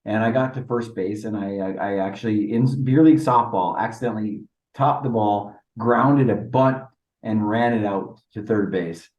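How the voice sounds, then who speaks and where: A man in his fifties, hosting a podcast and telling a story in a playful, animated way. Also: on the low side, moderate pace, highs cut off. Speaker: podcast host. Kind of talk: casual storytelling chat. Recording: roomy sound from a distant mic.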